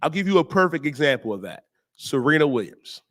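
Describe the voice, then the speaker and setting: A man hosting a talk show, preaching on scripture in slangy, emphatic speech and drawing out the verses slowly. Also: fairly high pitch, very animated. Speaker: host and teacher.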